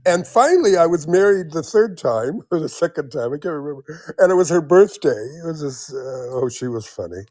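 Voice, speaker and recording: An older man in his seventies spins a long personal story, circling back with restarts and breaking into laughter. His voice sits fairly high for a man. The sound is close and dry. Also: lively intonation, fairly quick, a little mellow, no echo. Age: 70s. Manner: rambling, many restarts, laughs often. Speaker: guest. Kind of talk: casual storytelling in an interview.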